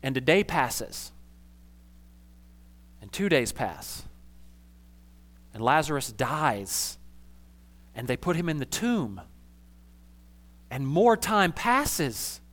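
A man preaching a conversational sermon as a pastor, casual and animated, with slangy asides. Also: medium pitch, extremely slow, pauses often.

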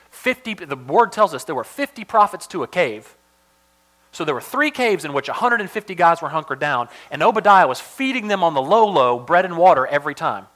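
Male pastor, sermon delivery, bright tone, animated with dynamic swings. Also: fairly high pitch. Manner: animated, swings from loud emphasis to hushed asides.

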